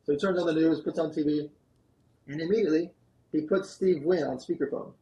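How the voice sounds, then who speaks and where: A man, a guest on a podcast, telling a long story in an animated, fast-moving way. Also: on the high side, rough recording. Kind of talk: storytelling interview answer. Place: podcast studio.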